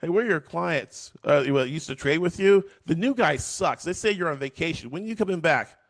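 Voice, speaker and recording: A man's voice: fairly high pitch, animated, brisk, pitched above the performer's own voice. A man voicing a group of former trading clients who hesitate and plead for help.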